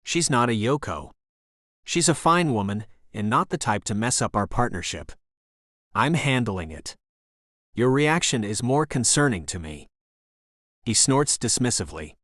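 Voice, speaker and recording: A man narrates a first-person romance audiobook in a steady, even read. His voice sits in a middling register and the recording is dry and close, with no room sound. The pacing stays measured from line to line. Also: mid-range voice, no echo.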